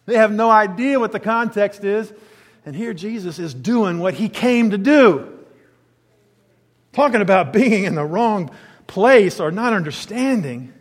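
A man's voice: high voice, animated, unhurried, big-room sound. A man preaching, telling a rambling personal story with self-corrections. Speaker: pastor.

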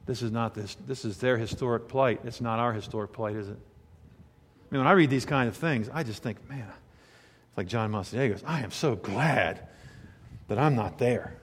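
A male pastor delivering a sermon, moving between soft, intimate storytelling and loud, fervent preaching. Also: medium pitch, moderate pace, big-room sound.

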